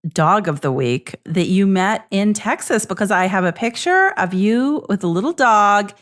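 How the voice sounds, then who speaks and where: Playful woman co-host, lively voice. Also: medium pitch, moderate pace. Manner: playful, teasing. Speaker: podcast co-host. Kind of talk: casual podcast banter.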